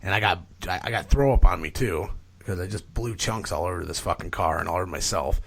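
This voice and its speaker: A gravelly, breathy, low-pitched man talks fairly quickly as a podcast guest, drifting through a lengthy anecdote. He swears without restraint, fills pauses with "like" and "you know," and tells it with plenty of energy.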